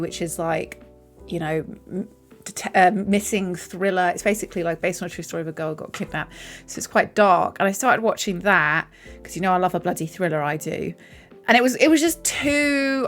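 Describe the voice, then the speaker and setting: A woman's voice: medium pitch, fairly bright tone. Young woman streaming, just rambling on, swears a lot, faint music in the background. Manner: chatty, rambling, swears casually. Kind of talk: casual chat to a live stream.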